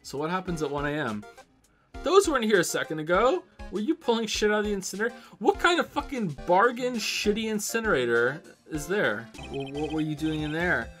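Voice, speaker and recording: A male streamer commenting on a video game as he plays. He talks casually and excitably, quick to swear and crack sarcastic jokes, with faint game music behind him. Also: sits high. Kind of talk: casual let's-play commentary.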